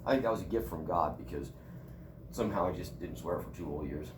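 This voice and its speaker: A man's voice: low voice, lively intonation, fast, background noise. A middle-aged man teaching a college class in a casual, joking storytelling manner. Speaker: college instructor.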